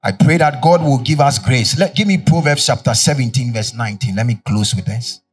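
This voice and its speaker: Husky Ghanaian preacher, call-and-response. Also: male voice, medium pitch, a little fast, recorded from a distance, soft background music. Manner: call-and-response preaching, fill-in-the-blank questions. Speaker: pastor. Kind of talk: sermon.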